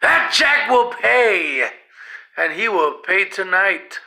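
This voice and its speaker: A man's voice: a little high, measured pace, vocal fry, pushed and bright, heavily acted, low-quality recording. A man voicing a mysterious, vengeful, witch-like old woman who makes menacing threats. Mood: furious.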